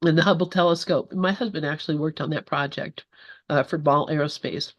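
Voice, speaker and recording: A woman's voice: sits low, steady tone, brisk, no room sound. A woman leading a casual spiritual discussion over a video call, talking in a rambling way with many restarts. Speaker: group discussion leader.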